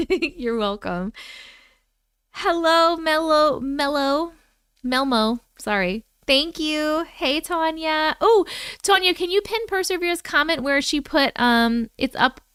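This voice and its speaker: A woman hosting a casual livestream at home from her computer, greeting viewers one by one by name, sounding low on energy. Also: expressive, slow pace, a bit bright, dry recording, studio quality. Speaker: livestream host.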